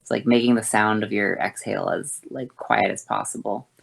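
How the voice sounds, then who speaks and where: A woman voice teacher explaining vocal exercises in a halting way, with many fillers and self-corrections. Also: very deep voice, creaky, husky.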